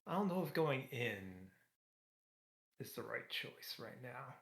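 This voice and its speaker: A man playing his character in a tabletop game, speaking in a hesitant, measured way. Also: mid-range voice, sing-song, creaky, fairly bright tone. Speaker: player.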